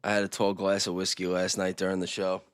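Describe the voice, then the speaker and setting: A man's voice: low-pitched, completely flat delivery, quick pace, smooth, no room sound. Rambling man on a dry stream mic. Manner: rambling, laughs often, restarts mid-sentence. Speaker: stream co-host. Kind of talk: casual chat.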